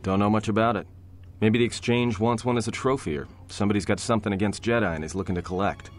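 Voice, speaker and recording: An actor playing a sarcastic, roguish young prisoner in a video game, with a low, gruff voice and dry, cocky delivery. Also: male voice, quick pace, slight background noise, close to an everyday voice. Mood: sardonic. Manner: wry, cocky, dry jokes. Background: game music.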